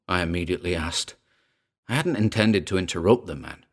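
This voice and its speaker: A man narrating a scripted spooky tale in a measured, wry, theatrical way. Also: low voice, lively intonation.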